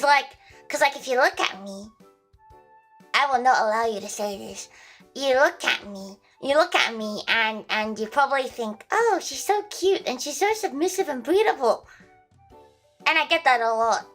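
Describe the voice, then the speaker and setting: Lively, bright-voiced young woman streamer. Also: a little high. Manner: crude, joking, rambling with repeated restarts. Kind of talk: casual livestream chat.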